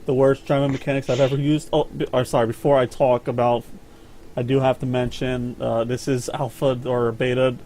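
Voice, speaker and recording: A man's voice: medium pitch, level tone, brisk, mellow, slight background noise. A man hosting a casual podcast chat about games, rambling and swearing, often repeating his words. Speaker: podcast host.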